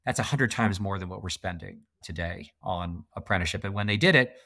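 Brief: low-voiced Canadian-born man, middle-aged, emphatic interview guest. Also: a little fast, sharp tone, no echo. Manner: emphatic, laughs often. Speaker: podcast guest. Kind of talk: casual interview conversation.

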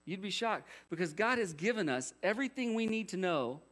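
A man's voice: high-pitched, expressive, a little fast, a bit bright. A man preaching a sermon as pastor, conversational, with rhetorical questions and jokey asides.

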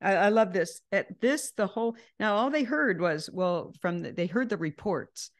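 A woman's voice: mid-range voice, expressive, normal speed. A woman leading an informal Bible study over a video call, talking freely and often restarting her sentences. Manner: chatty, with frequent restarts and self-corrections.

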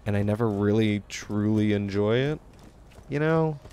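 An unhurried young man with a warm, lowish voice chats casually while streaming a video game, poking fun at himself throughout his let's-play commentary. The recording has a little hiss or hum.

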